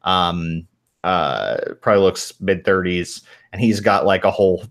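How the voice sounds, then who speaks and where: Male game master, unhurried low voice, loose rambling narration. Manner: relaxed, rambling with many ums.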